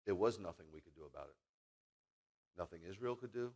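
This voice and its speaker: A man in his fifties, a rabbi giving a sermon, telling personal stories in an animated, jokey, emphatic way. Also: low-pitched, brisk.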